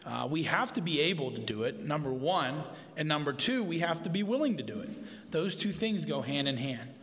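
A man's voice: on the high side, lively intonation, fairly quick, fairly bright tone. A man preaching a conversational sermon to his church, informal and joking in asides. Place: church sanctuary. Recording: long hall reverb.

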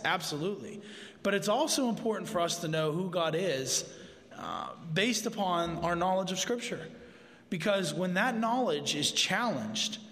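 Male preacher, slightly high voice, casual conversational delivery with jokey asides, long church reverb. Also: fairly bright tone. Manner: informal, with asides and humor. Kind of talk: conversational sermon. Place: church sanctuary.

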